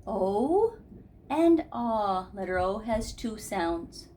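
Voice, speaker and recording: A woman's voice: medium pitch, sing-song, very slow, mellow. A woman teaching preschool phonics, telling little stories and making playful sounds and voices for each letter. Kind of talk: storytelling phonics lesson for young children. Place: classroom.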